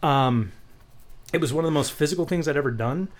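Man, podcast co-host, chatty storyteller, casual cursing, animated delivery. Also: on the high side, brisk. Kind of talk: casual chat.

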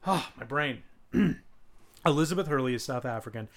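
A man's voice: mid-range voice, animated, normal speed. A man co-hosting a podcast in casual chat, rambling with many fillers and restarts and swearing casually. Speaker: podcast co-host.

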